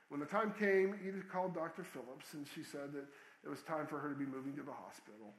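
A man's voice: a little high, a little fast, roomy sound, low-quality recording. A man, a pastor, earnestly telling a true story in a sermon, with small restarts.

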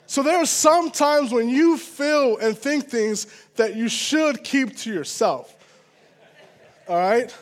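A man with a strikingly high voice delivers a relaxed, conversational sermon. He talks like a pastor chatting with his congregation, earnest and personal, often pausing to check in with a quick aside. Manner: casual and earnest, with frequent "all right?" asides.

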